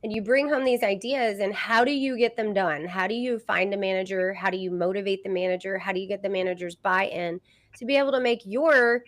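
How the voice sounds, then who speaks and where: A woman's voice: mid-range voice, a little fast, no room sound. Woman, Southern US accent, podcast host, chatty, fillers, dry close sound. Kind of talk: casual live podcast hosting.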